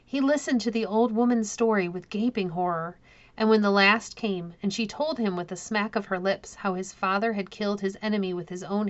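A woman narrating a classic children's novel in a calm, measured reading. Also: medium pitch, lo-fi sound. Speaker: audiobook narrator. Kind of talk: storybook narration.

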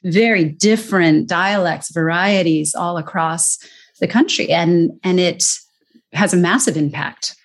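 An American woman in middle age speaks as an expert guest, explaining with earnest, lively emphasis. Her voice sits a little low for a woman. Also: unhurried. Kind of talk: conversational interview.

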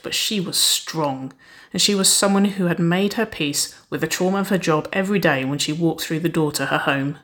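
A woman reading a romance story aloud as narrator, in an even, unhurried storytelling voice. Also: sits low. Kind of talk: scripted narration of romance fiction.

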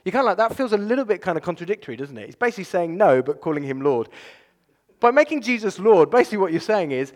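A man preaches a sermon in a church, his voice a touch higher than most men's. He talks in an animated, conversational way, full of filler phrases. A long reverb from the hall trails after each phrase. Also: fast. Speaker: pastor.

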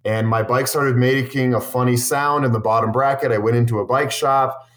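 A Boulder, Colorado cycling content creator speaks at normal speed in a mid-range, slightly bright voice with fairly even intonation. He answers interview questions through long, earnest, enthusiastic stories that keep restarting.

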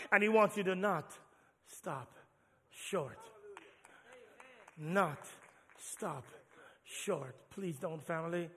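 A man preaching a fervent sermon, repeating refrains and swinging between loud and hushed delivery. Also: very high-pitched. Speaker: pastor. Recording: long reverb of a large hall.

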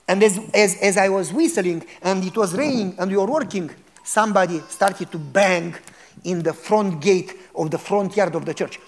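A man's voice: high voice, moderate pace. A man preaching a sermon as a pastor, telling a story dramatically and asking the congregation questions.

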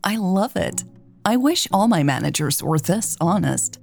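A woman's voice: lowish voice, sing-song, unhurried, vocal fry, darkish tone, heavily acted. A woman reading the part of a confident, playful female boss who talks with purring enthusiasm. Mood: enthusiastic.

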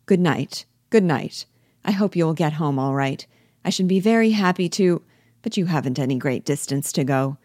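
A woman reading the part of a fussy, patronizing husband in a low, dry voice, lecturing and pleased with himself. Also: expressive, normal speed, darkish tone, no room sound. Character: self-satisfied husband, a man, fussy and patronizing. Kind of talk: reading a play aloud.

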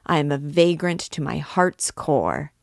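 A woman's voice: deep voice, sing-song, unhurried, vocal fry, no echo, clean studio sound, full character voice. A woman voicing a brash, boastful young man in armor, speaking with swagger.

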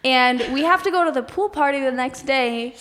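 A woman's voice: sits high, normal speed, in a large hall. A woman co-hosting a podcast in casual chat, telling stories with lots of laughter. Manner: giggly, lively storyteller. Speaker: podcast co-host.

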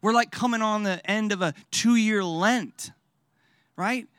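A man preaching a sermon. He speaks emphatically, repeats phrases for weight, asks rhetorical questions and lets his phrases fall quiet and low at the end. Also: slow pace, smooth, no room sound, clean studio sound. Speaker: pastor.

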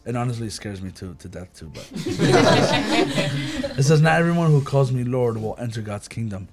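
Animated man leading a faith discussion. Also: mid-range voice, quick pace, loud music behind the voice. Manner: animated, acts out quoted speech.

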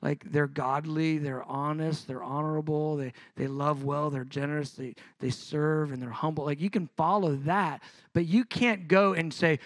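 A middle-aged man preaches in an animated, conversational style, his voice building in intensity as he goes. His voice sits somewhat high for a man. The recording is dry and close, with little room sound. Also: moderate pace, hardly any pauses, no echo. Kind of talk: sermon.

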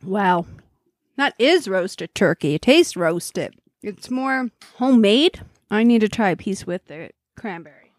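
A Canadian woman co-hosts a podcast, chatting casually while tasting food, laughing often and talking with her mouth full. Her voice is medium-pitched, expressive and a little slow. The recording is dry, with clean studio sound.

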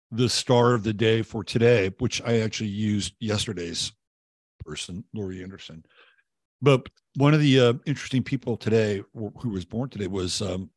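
A man's voice: on the low side, no room sound, clean studio sound. A man hosting a casual livestream, chatting loosely and reading viewer comments, rambling with many fillers and restarts and casual swearing. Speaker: livestream host. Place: home, living in Texas.

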